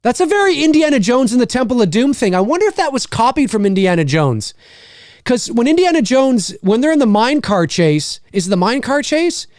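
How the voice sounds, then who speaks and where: A man hosting a live movie watch-along, reacting out loud and swearing easily. His voice sits high for a man and leaps around, and the recording is dry and close. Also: no echo. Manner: animated, swears freely, quick pitch jumps. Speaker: movie commentary host. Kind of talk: live movie commentary to chat.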